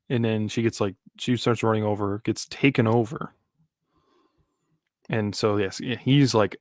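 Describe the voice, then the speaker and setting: Reacting to manga on a live stream, this man rambles casually, full of fillers and false starts. His voice sits on the low side at a moderate pace, and the audio is studio quality with no room sound.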